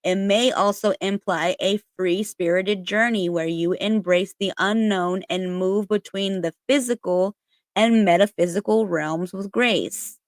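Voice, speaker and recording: A woman's voice: medium pitch, measured pace, no room sound. A woman chatting casually and reading aloud, with lots of fillers and casual swearing. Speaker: spiritual content creator.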